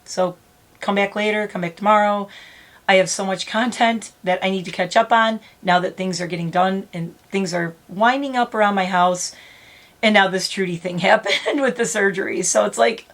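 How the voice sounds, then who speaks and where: A middle-aged woman vlogs casually, rambling while close to tears and laughing through the emotion. Her voice is medium-pitched at a normal speed.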